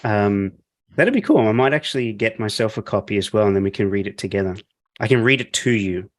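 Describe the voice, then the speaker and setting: A man's voice: fairly low pitch, lively intonation, fairly quick, dry recording. A man hosting a podcast interview, chatty and joking with lots of fillers. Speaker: podcast host. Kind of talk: casual interview chat. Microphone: podcast microphone.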